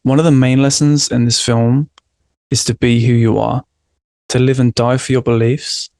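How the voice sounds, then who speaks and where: A man with a gravelly, creaky voice reads out his prepared analysis at a steady, measured pace. His delivery is reflective, and the sound is dry and close, with no room echo. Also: medium pitch. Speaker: podcast host presenting film analysis.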